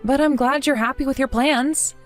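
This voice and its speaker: A woman telling a first-person story in a calm, dry, amused manner. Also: high voice, moderate pace. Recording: faint background music.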